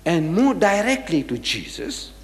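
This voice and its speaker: A man lectures on religion with a fairly high voice that leaps up and down in pitch. He hammers his points home with repeated rhetorical questions. His voice carries through the long reverb of a big hall. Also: very animated, measured pace. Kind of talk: public lecture to an audience.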